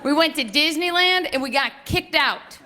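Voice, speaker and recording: Brash high-voiced woman doing stand-up. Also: normal speed, a faint crowd. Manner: brash, animated storytelling with shouted punchlines. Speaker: stand-up comedian. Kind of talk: stand-up comedy set. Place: comedy club stage before a live audience. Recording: stage set with audience laughter and noise.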